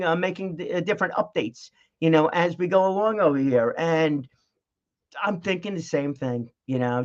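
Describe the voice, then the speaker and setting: A middle-aged man talking casually at home in a rambling vlog, with lots of fillers. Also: on the high side. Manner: rambling, chatty, frequent fillers and laughs. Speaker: vlogger. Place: home, with a dog nearby. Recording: dull lo-fi audio.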